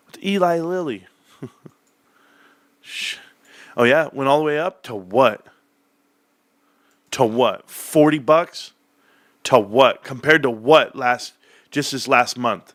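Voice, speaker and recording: Bright-voiced sarcastic male streamer. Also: medium pitch, lively intonation, a little slow, pauses often, dry recording. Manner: sarcastic, heated, emphatic. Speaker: livestream host reading chat. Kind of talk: live-stream rant about stocks.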